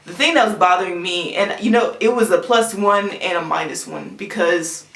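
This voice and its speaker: A young woman co-hosting a casual show, talking in an animated, exasperated way about an episode she watched. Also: lowish voice, normal speed, gravelly, roomy sound. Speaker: podcast co-host. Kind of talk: casual chat. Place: cold room.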